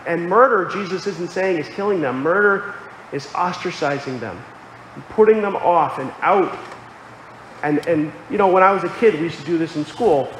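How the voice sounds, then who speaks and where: A man's voice: fairly high pitch, normal speed, fairly bright tone, slight background noise. A man preaching a sermon, earnest and explanatory, quoting scripture aloud. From Connecticut. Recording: echoey hall with faint ambience.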